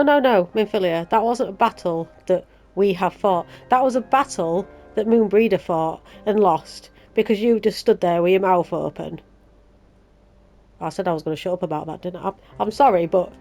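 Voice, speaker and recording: A woman's voice: mid-range voice, normal speed, a little mellow, soft background music. A Yorkshire woman hosting a let's play, chatting sarcastically and ranting about the story. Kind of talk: casual game commentary.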